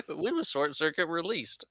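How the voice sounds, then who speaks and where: A man's voice: fairly high pitch, expressive, a little slow, gravelly, bright, forceful tone, no room sound, studio quality. A man co-hosting a casual movie podcast, playful and teasing, laughing often. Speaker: podcast co-host. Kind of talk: casual chat.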